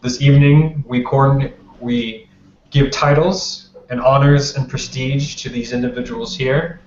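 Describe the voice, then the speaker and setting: A man's voice: medium pitch, steady tone, a little slow, darkish tone, natural voice. Man voicing a formal vampire prince. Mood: ceremonial. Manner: formal, ceremonial address. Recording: roomy, dull lo-fi, faint noise.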